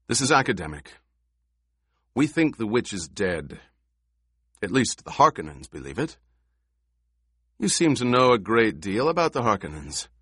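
Audiobook figure: shrewd smuggler boss, low and guarded, unhurried, read by a man. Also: very animated, breathy edge, no echo, clean studio sound, full character voice. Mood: calm. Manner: low, measured, quietly guarded. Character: cautious, shrewd male smuggler chief.

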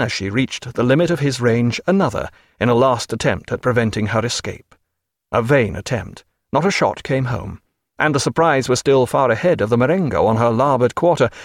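A man reading an audiobook with steady, vivid storytelling. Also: medium pitch, no echo, clean studio sound. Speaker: narrator. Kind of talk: audiobook narration.

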